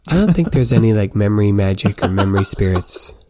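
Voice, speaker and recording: A man voicing an eager, excitable young woman scholar, pitched well above his own voice. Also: quick pace, lightly acted. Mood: teasing. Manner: excited, gushing.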